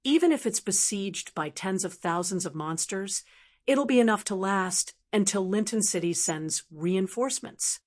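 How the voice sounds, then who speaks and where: A woman voicing an excitable male butler in an audiobook, his voice trembling with excitement. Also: mid-range voice, normal speed, lightly acted. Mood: eager.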